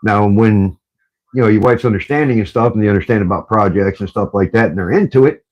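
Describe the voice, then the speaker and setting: A man's voice: on the low side, quick pace, highs cut off. An older man, a grandfather, chatting casually on a livestream and telling rambling stories. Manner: laid-back, rambling storytelling. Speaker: livestream co-host.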